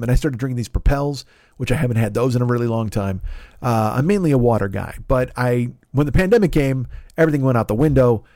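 A man's voice: mid-range voice, darkish tone, no echo, studio quality. A man hosting a podcast, telling a long story in a casual, rambling, profane way and mocking himself as he goes. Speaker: podcast host.

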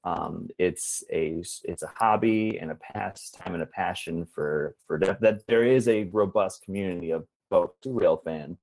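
Earnest deep-voiced man with many fillers. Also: creaky, darkish tone, a little hiss or hum, low-quality recording. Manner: earnest, measured, with many ums and uhs. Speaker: guest, preservationist and rail fan. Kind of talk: casual interview answers.

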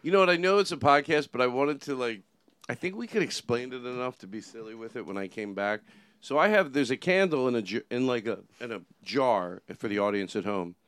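A man's voice: mid-range voice, expressive, brisk, fairly bright tone, smooth, no room sound. A man hosting a podcast from his studio, chatting in a loose, joking, rambling way. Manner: playful, rambling, jokey asides. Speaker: podcast host. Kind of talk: casual comedic banter.

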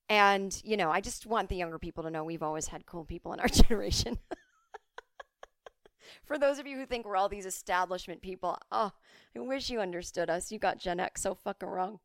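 A woman's voice: on the low side, fairly bright tone, dry recording. Chatty swearing woman host, dry sound. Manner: chatty, swearing, quick asides. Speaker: podcast host. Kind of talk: casual solo chat. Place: home.

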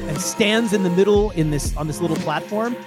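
A man's voice: high voice, a little fast, over music. A man narrating as the game master of a tabletop role-playing game, laid-back and chatty, with frequent fillers.

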